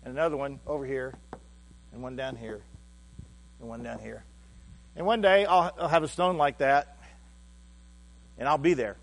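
A male pastor preaching a sermon in a halting, heartfelt way, often repeating words as he restarts. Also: medium pitch, creaky.

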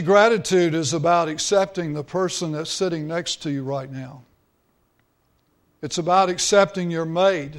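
Slow, high-voiced male preacher. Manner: earnest, drawn-out emphasis. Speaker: pastor. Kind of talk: sermon.

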